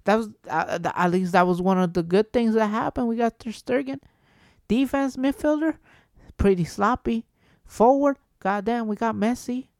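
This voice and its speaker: A man's voice: high voice, darkish tone, dry recording, clean studio sound. A man vlogging as a football fan, ranting with passion and exasperation, swearing freely and repeating himself for emphasis. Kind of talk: emotional fan rant to camera.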